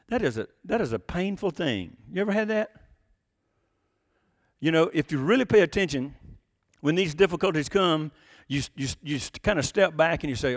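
Folksy preaching man, higher voice. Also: lively intonation, normal speed, long reverb tail. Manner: folksy, conversational preaching with rhetorical questions. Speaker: pastor. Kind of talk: sermon.

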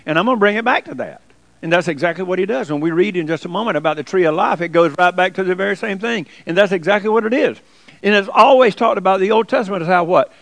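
A man's voice: high-pitched, no room sound. A man preaching a sermon, folksy and emphatic by turns.

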